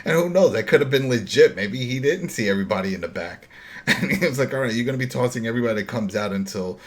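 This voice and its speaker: A man with a Brooklyn accent hosting a casual wrestling podcast, blunt, animated and profane. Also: medium pitch, quick pace. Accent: New York Brooklyn. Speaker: podcast host.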